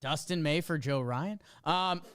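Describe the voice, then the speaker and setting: A man's voice: on the high side, a little slow, a bit bright, clear, resonant tone, dry recording. A man hosting a live sports talk show, riffing energetically and playfully on breaking news. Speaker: host.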